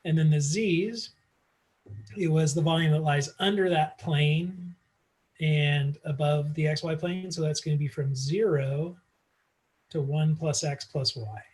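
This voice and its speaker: A man's voice: fairly high pitch, steady tone, measured pace, a little mellow. A man teaching math in a casual online lecture, working through problems aloud with frequent fillers, recorded on a computer mic. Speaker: math instructor.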